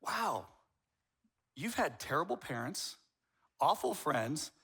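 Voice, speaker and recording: A male pastor preaching a sermon, animated and conversational, acting out both sides of arguments and swinging from hushed lines to shouts. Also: a little high, takes it slowly, breathy edge.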